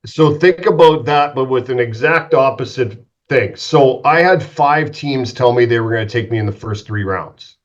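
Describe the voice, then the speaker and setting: Animated storytelling ex-goalie man. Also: mid-range voice, moderate pace, hardly any pauses. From Western Canada. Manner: animated, swearing, acts out quotes. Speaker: former pro hockey goalie, guest. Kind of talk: casual storytelling interview. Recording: slightly dull lo-fi sound.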